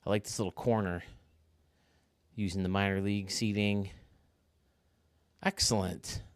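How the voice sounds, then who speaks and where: A man's voice: fairly low pitch, unhurried, no echo, studio quality. A man giving casual, chatty gameplay commentary, talking to his viewers as he tours a built stadium. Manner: chatty, excitable, talks to viewers. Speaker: video game stadium reviewer.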